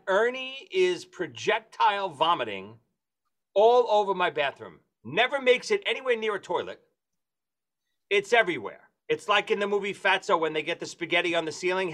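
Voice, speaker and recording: A man telling a comic story among friends, acting out the voices of the people in it with shrill squeals. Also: sharp tone. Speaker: podcast host telling a story.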